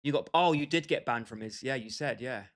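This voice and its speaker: A young man streams a football game at a brisk clip in a mid-range voice, bantering and joking with his chat and calling viewers by name.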